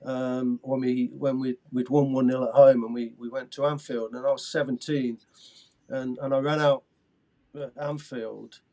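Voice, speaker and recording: The former footballer, now in his sixties, tells casual stories as an interview guest in a mid-range, level, dark-toned voice at a moderate pace. Eager, he stumbles over his words and restarts many times.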